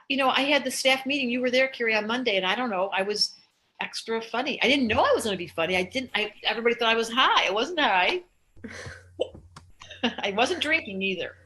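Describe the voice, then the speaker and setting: A woman's voice: a little high, expressive, brisk, pushed and bright, poor audio. An older woman, an astrologer, talking casually and animatedly on a live stream, laughing often. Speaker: astrologer host.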